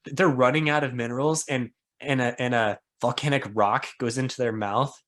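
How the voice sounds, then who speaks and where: A man in the middle of a relaxed book-chat podcast, talking loosely and laughing often. He pokes fun at his own ideas and speaks at an everyday pitch. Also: moderate pace. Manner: chatty, laughs often, self-mocking. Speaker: podcast co-host.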